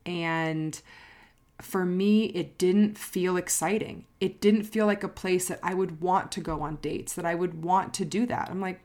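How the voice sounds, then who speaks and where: A woman's voice: fairly low pitch, fairly even intonation, unhurried, a little mellow. Earnest woman reflecting to camera. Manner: earnest and reflective, repeats phrases for emphasis. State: emotional, near tears. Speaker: life coach. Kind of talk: personal vlog monologue.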